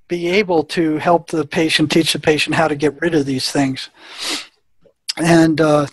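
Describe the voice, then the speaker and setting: A man's voice: fairly high pitch, no room sound. A man, a former prison therapist, telling an anecdote in conversation and acting out the dialogue in a plain-spoken way.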